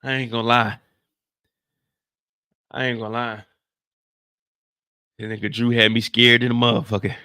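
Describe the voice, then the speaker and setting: A man recapping a TV episode speaks at a moderate pace with frequent pauses, his medium-pitched voice clean in tone. He's animated and slangy, acting out scenes for comic effect, in an echo-free studio recording.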